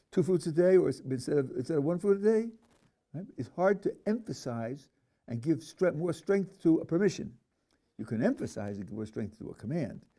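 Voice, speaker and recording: Rabbi teaching with lively, mellow voice. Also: male voice, a little high. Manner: reads verses aloud, then questions them with dry humor. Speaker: rabbi teaching a Torah class. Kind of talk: classroom lecture on a text. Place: yeshiva classroom.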